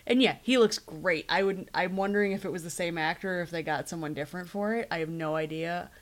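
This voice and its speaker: A woman with a slightly low voice talks through a TV episode with friends in a relaxed podcast chat. She retells scenes by slipping into the characters' quoted lines. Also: fast talker. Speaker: podcast co-host. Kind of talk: casual TV recap chat.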